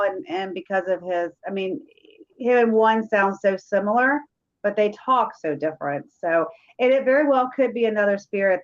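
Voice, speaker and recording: Woman rambling through a story, lo-fi. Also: medium pitch. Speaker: paranormal investigator. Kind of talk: casual chat. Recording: dull lo-fi sound.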